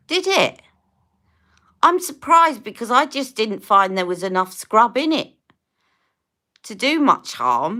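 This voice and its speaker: A woman in her fifties hosts a beauty live stream, rambling casually as she answers viewers' comments and applies her makeup. Her voice sits mid-range with a sharp edge.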